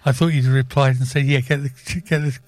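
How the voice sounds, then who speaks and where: Male radio co-host, fifties, relaxed banter, dry studio sound. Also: mid-range voice, brisk, dry recording. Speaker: radio co-presenter.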